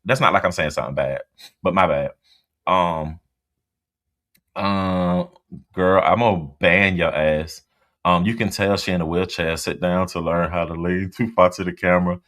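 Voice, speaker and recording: A man hosting a casual livestream, chatting bluntly and reacting out loud to the comments as he reads them. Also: low-pitched, animated, normal speed, creaky. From US East Coast. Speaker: livestream host. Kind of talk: casual livestream chat reading viewer comments.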